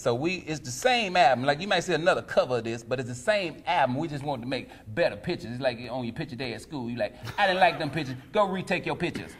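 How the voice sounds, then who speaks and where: Laid-back man, a comedian chatting. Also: a little high. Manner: laid-back, laughs through his stories. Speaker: stand-up comedian, guest. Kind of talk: casual interview chat.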